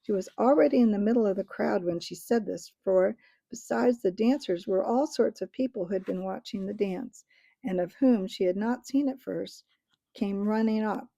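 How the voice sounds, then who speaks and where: A woman reading a storybook aloud in a gentle, measured way. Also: medium pitch, gravelly, no room sound. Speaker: audiobook reader.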